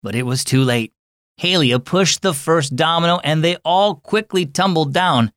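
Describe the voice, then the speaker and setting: A man hosting and narrating a children's story program in a friendly, expressive storytelling manner. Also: on the high side, moderate pace, dry recording, clean studio sound. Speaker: host and narrator.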